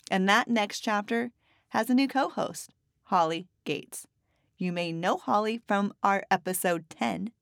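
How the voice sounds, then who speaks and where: A woman's voice: medium pitch, no echo, studio quality. A woman hosting a casual podcast, chatty and playful, joking and laughing easily with her co-host.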